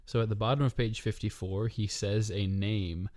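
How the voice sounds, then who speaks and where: A male podcast host in casual book chat, teasing with dry humor and guiding the conversation with questions. His voice sits lower than most, recorded close and dry with no room sound. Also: steady tone, moderate pace, a little mellow, no room sound.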